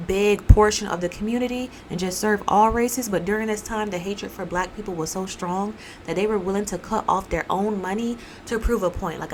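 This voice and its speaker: Animated woman telling a true-crime story. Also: medium pitch, brisk, slight background noise, poor audio. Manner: animated, playful voices for quotes. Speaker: podcast host. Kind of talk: casual storytelling.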